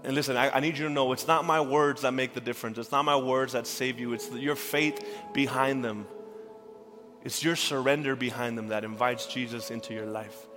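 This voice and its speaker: A young adult man, a pastor, preaching a sermon with earnest feeling that swings from urgent rises to hushed, tender passages. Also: medium pitch, steady tone, moderate pace. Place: church sanctuary. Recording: church hall reverb with faint music.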